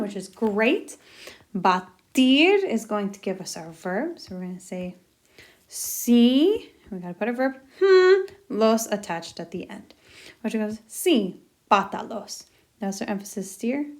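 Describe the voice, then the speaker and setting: A woman's voice: medium pitch, a little mellow. A woman teacher walking through a recorded lesson step by step, upbeat and encouraging.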